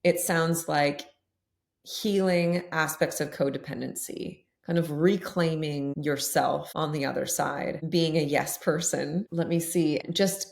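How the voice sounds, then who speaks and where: A woman hosting a podcast interview, speaking gently and affirming her guest in casual chat. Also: deep voice, steady tone, measured pace, creaky. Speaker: podcast host. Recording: echoey room.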